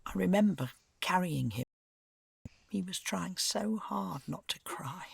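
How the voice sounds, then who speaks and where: A husky, regretful older grandmother. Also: lowish voice, expressive, unhurried, dry recording, clean studio sound, full character voice. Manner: reflective, regretful. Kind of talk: video game voice acting.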